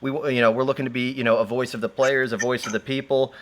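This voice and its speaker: A man's voice: medium pitch, flat delivery, fast talker, a bit bright, slight background noise. A man hosting a casual livestream, rambling with many fillers and frequent laughs. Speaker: host.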